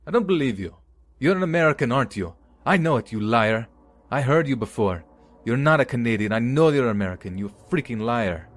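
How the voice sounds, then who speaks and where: A man voicing a drunk, hostile male bartender who shouts accusations. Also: lowish voice, lively intonation, unhurried, pitched above the performer's own voice. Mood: accusing.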